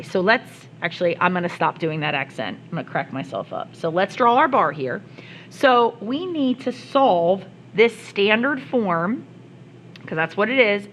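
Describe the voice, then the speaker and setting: Woman, math teacher, step-by-step explanation, playful asides, medium pitch, faint background hum. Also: lively intonation, normal speed, fairly bright tone, low-quality recording. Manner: step-by-step, talks herself through worked examples, playful asides. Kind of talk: recorded classroom lesson.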